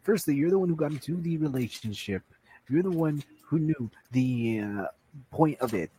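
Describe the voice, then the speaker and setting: A man's voice: a little high, animated, moderate pace, warm tone, a little hiss or hum, poor audio. A young man co-hosting a casual podcast, blunt, who repeats himself when he gets going.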